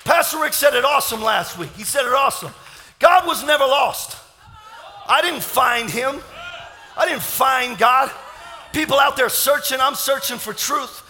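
High-voiced man preaching in a reverberant church. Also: expressive, normal speed, some chatter behind, slight background noise. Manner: shouting, impassioned preaching. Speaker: pastor. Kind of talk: sermon. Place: church sanctuary.

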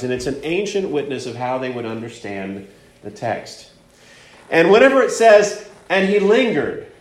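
A man preaching a sermon, hushed in prayer and rising to emphatic points. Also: on the high side, roomy sound. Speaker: pastor.

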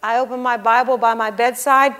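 A woman preaching a heartfelt sermon in a notably high voice. She drops to soft, almost whispered tones, then rises into loud, emphatic declarations. She explains scripture with earnest insistence. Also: steady tone, fairly quick. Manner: swings from hushed, near-whispered intimacy to loud exclamation; emphatic, expository. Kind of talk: sermon testimony.

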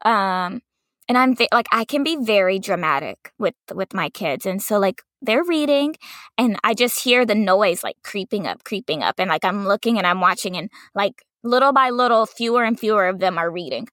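Young woman co-host, kindergarten teacher, bright and lively storyteller, dry close sound. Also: medium pitch, normal speed, no room sound. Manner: animated, acts out quotes in a sing-song teacher voice. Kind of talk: casual storytelling chat.

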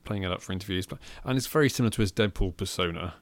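A man's voice: sits low, very fast, dry recording. A man, co-hosting a casual podcast about films, chatty and amused, often restarting his sentences. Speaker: podcast co-host. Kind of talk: casual film chat.

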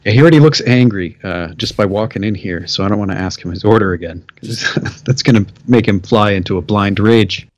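A man's voice: on the low side, fairly quick, few pauses, a little hiss or hum. A young man co-hosting a casual podcast, making wry remarks and laughing often. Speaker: podcast co-host. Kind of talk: casual chat.

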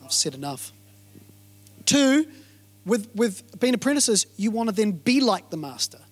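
Kiwi pastor guy preaching, high voice, keeps repeating stuff and asking the crowd if they're ready. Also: unhurried. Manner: energetic, repeats phrases, quizzes the congregation. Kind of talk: sermon.

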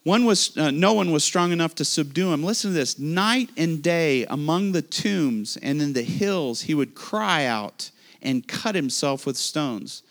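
A man preaching a sermon, animated and speaking directly to his listeners. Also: fairly high pitch, measured pace. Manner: animated preaching with asides to the audience. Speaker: pastor.

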